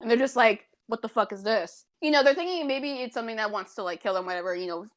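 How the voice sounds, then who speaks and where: A young woman with a slightly high voice retells a fan story on a casual podcast. She swears freely and keeps the telling animated and chatty. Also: rapid-fire. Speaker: podcast co-host.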